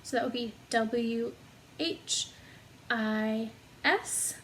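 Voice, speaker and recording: A woman with a fairly high voice teaches young children to read, spelling words out letter by letter. She talks very slowly and patiently, with encouraging praise. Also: slight background noise, rough recording. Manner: slow, sounding out letters and syllables one by one. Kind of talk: phonics lesson for young children.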